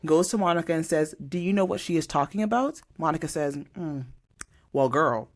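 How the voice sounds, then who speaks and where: A woman's voice: fairly low pitch, fast talker, darkish tone. A young woman co-hosts a casual podcast, recapping reality TV drama. She tells the story with energy and acts out each quote. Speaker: podcast co-host.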